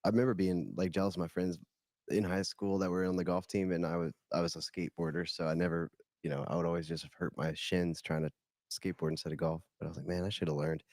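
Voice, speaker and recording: A man's voice: low voice, flat delivery, quick pace, a little mellow, no echo, clean studio sound. A man co-hosting a podcast, chatting casually in a laid-back way with short agreeing replies. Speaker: podcast co-host. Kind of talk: casual chat.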